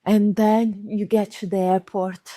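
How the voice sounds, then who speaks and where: A young Brazilian woman with a Portuguese accent speaks slowly and deliberately, acting out little scenes as she tells a motivational story. Her voice sits in a mid range and sounds dry and close, with no room around it. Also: medium pitch, flat delivery, warm tone, no room sound. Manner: acts out scenes with dramatic voices and sound effects.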